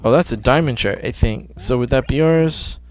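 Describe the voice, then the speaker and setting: A man's voice: mid-range voice, moderate pace, a little mellow. A man giving casual, offhand commentary on a video game demo, often correcting himself mid-sentence. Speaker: gameplay commentator. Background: faint game music.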